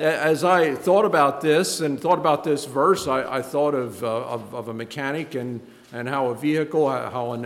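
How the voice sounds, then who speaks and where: Man preaching in a reverberant church. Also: mid-range voice. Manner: halting, repeats words, rises when stressing points. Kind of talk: sermon. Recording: reverberant hall with faint noise.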